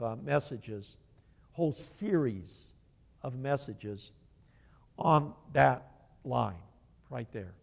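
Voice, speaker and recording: A man preaching a sermon as pastor, emphatic and deliberate, repeating key phrases to drive them home. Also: a little high, gravelly, in a large hall.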